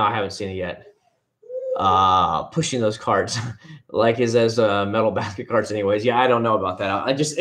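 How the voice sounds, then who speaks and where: A man hosting a casual livestream from home, rambling and answering viewers' comments by name. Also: mid-range voice. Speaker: livestream host. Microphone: headset.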